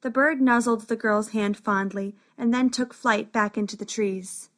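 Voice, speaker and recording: A woman reads a storybook aloud in a steady, even narration. Her voice sits a little high. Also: measured pace.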